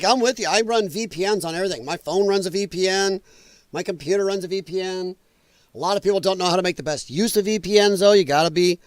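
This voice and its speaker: A man with a high, lively voice hosts a livestream from home, swearing freely and laughing as he reacts to his viewers. The sound is dry and close to the mic. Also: dry recording. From US Midwest. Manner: loud, profane, laughing often. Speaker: livestream host. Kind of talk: casual livestream commentary. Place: home, dog nearby.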